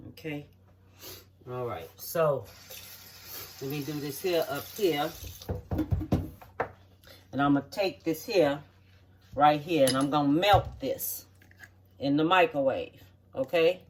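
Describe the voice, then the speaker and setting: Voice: medium pitch, slow, pauses often, a little hiss or hum. A home cook walking viewers through a recipe in a folksy, chatty way, checking in often with the audience, in a home kitchen. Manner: folksy, chatty step-by-step instructions with frequent "okay?" check-ins. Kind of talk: cooking demonstration. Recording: voice distant from the mic.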